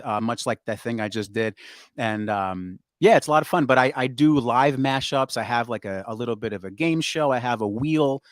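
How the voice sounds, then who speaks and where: A man, a voice impressionist, being interviewed and explaining his craft in a relaxed way. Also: mid-range voice, no room sound. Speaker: guest voice impressionist. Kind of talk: interview chat.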